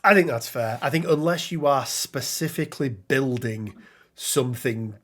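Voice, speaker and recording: A podcast co-host talks loosely about a tabletop miniatures game, with lots of ums and quick restarts, reading rules text aloud as he goes. His voice is medium-pitched with a fairly bright tone.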